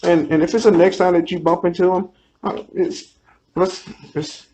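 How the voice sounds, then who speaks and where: A man's voice: high voice, fairly even intonation, moderate pace, warm tone. A male police officer speaking reassuringly and often restarting his words. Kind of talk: recorded conversation.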